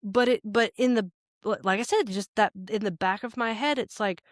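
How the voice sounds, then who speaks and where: A woman's voice: mid-range voice, normal speed, no room sound, studio quality. Profane rambling woman in her forties. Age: 40s. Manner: swears freely, rambling storyteller. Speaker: podcast co-host. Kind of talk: casual chat.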